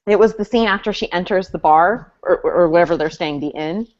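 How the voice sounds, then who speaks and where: A woman's voice: lowish voice, fairly quick, a little mellow, lo-fi sound. A woman co-hosting a casual fan chat over a video call, opinionated and chatty with lots of fillers. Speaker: podcast co-host. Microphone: webcam mic on a video call.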